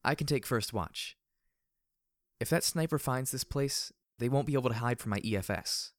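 A man's voice: medium pitch, normal speed, no echo, studio quality, voice pushed up, natural voice. A man voicing a tired, sarcastic young mare, raising his voice to play her. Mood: wry. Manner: raised voice, wry and sarcastic.

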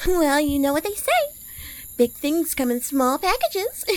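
Young woman, super high girly voice, teasing and mocking, takes her time, audio role-play. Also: lively intonation, unhurried, long pauses, low-quality recording. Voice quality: girlish, little-girl-sounding voice. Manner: mocking and teasing, with frequent laughs.

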